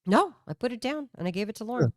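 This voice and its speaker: A woman co-hosting a podcast, chatting in an animated way and acting out what she said. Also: fairly high pitch, fast, no room sound, clean studio sound. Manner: animated, acts out her own remarks in quotes. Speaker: podcast co-host. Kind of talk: casual chat.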